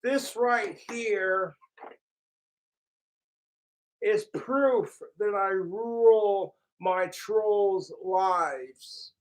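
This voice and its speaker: A man ranting on a live stream from his apartment, his voice sitting high for a man. He drags his words out slowly, swearing constantly and mocking others as he rambles along. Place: home apartment.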